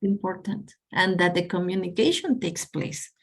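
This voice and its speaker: A woman's voice: lowish voice, lively intonation, moderate pace, vocal fry, husky. Woman teacher on a video call. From Mexico. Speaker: pronunciation teacher and guest speaker. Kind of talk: online presentation and chat.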